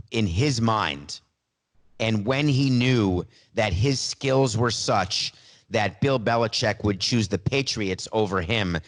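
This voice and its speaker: A man hosting a sports podcast, making sarcastic, wry asides. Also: fairly low pitch. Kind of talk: podcast commentary.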